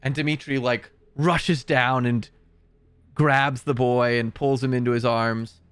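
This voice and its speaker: A young man runs a tabletop game, narrating in slow, unhurried, halting phrases. His voice is clear and smooth. It sounds close and dry, with no room sound. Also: medium pitch, fairly even intonation, a bit bright, no echo. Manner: slow, hesitant narration with fillers. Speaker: game master.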